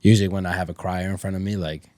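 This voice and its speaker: A man on a casual podcast speaks in a somewhat low voice. He is hesitant and self-deprecating and restarts his sentences often. The recording is dry, with no room sound. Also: level tone, racing, a little mellow, no echo.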